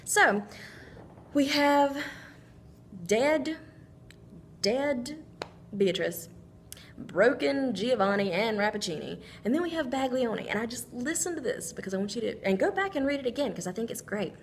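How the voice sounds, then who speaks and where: A woman's voice: fairly high pitch, lively intonation, a little slow, long pauses, slight background noise. A woman teacher giving a recorded literature lesson, thinking aloud with frequent ums as she works through a story.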